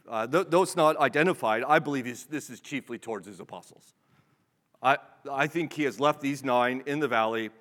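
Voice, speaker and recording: Male pastor, slightly higher voice, chatty sermon with rhetorical asides, long hall reverb. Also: fairly bright tone. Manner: conversational, asks the listeners rhetorical questions; often repeats words as he restarts.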